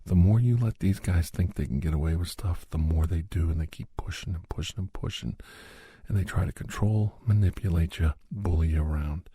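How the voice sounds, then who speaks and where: A man's voice: low voice, a little fast, dark tone, husky, dry recording. A man in a whispered role-play, coaching a listener in self-defense with blunt, folksy, streetwise talk. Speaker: ASMR role-play host playing a self-defense mentor.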